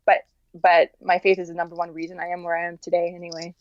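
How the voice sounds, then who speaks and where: A woman guest in a candid personal interview, speaking earnestly in halting restarts and many fillers. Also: fairly low pitch, completely flat delivery, dry recording, lo-fi sound.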